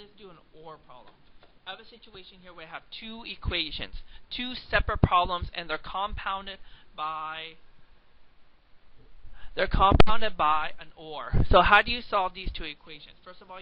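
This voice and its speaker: Young male math teacher, playful and chatty, slightly raised pitch, lo-fi webcam sound. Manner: chatty, joking, asks the viewer questions. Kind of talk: casual classroom lecture. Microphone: webcam microphone. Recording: dull lo-fi home webcam recording with faint hiss.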